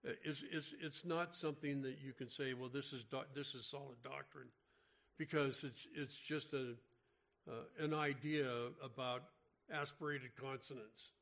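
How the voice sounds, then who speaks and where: A man teaching scripture in a relaxed, conversational sermon. He often restarts his sentences as he explains, and his voice sits at a medium pitch. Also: normal speed, creaky. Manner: conversational, frequent restarts and filler words. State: mentions having an irregular heartbeat. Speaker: Bible teacher. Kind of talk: informal Bible study sermon.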